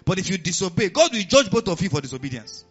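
A man with a Nigerian accent preaching a sermon as pastor, animated and often asking the congregation questions. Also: high voice, quick pace, slightly rough, highs cut off, soft background music.

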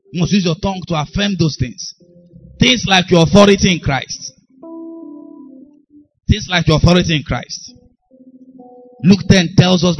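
A man's voice: high voice, highs cut off. A man preaching a sermon, emphatic and repetitive, often calling out to his congregation. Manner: emphatic, repeats phrases, calls out to congregation.

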